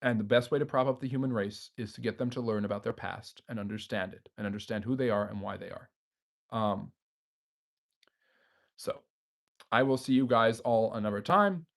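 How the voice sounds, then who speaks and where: A man's voice: on the low side, normal speed, vocal fry, pauses often. A man hosting a history live stream, reading viewers' chat messages aloud and answering them off the cuff with frequent fillers. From United States.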